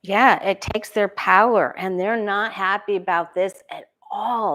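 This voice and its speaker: A woman's voice: medium pitch, moderate pace, hardly any pauses, a bit bright. A woman doing a casual solo tarot reading, thinking aloud, asking herself questions and restarting her sentences. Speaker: tarot reader.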